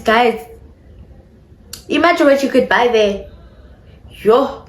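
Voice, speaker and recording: A woman's voice: on the high side, animated, takes it slowly. Chatty South African young woman, echoey room. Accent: South African English. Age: young adult. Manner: chatty, addresses viewers, mixes in isiXhosa phrases. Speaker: vlogger. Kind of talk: casual storytime.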